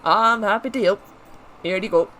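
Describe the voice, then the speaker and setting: A gamer doing a folksy woodcutter with a put-on accent. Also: male voice, high-pitched, lively intonation, moderate pace, fairly bright tone, a little hiss or hum. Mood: hearty. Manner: folksy, teasing, calls people mate. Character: friendly male woodcutter with a thick put-on accent. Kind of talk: reading game dialogue aloud in character.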